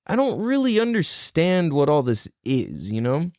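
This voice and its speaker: A man tells a story in a loose, profane podcast monologue, laughing as he goes. His voice sits a bit high and swings widely in pitch. The sound is dry and close. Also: normal speed, hardly any pauses, no echo. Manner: profane, laughing, animated retelling. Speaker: podcast host.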